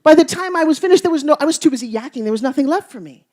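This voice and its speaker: A woman giving a motivational speech to a live audience, telling stories with playful teasing and swinging between loud bursts and hushed asides. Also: high voice, lively intonation, racing. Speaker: motivational speaker.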